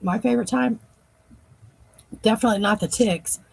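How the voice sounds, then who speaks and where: A woman co-hosting a live stream, chatting casually with relaxed reactions. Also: on the high side, normal speed, gravelly, slight background noise, low-quality recording. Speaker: co-host.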